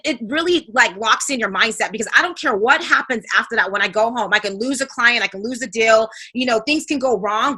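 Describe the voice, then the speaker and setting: A woman's voice: on the high side, bright, forceful tone. A woman hosting a podcast, chatting casually and encouraging her guest with short replies. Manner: encouraging, lots of short backchannels. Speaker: podcast host. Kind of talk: casual interview chat.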